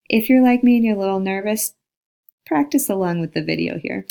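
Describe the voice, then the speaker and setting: A female linguistics instructor records a lecture over slides, speaking example words aloud to illustrate every sound. She talks a little fast in a mid-range, creaky voice with a warm tone.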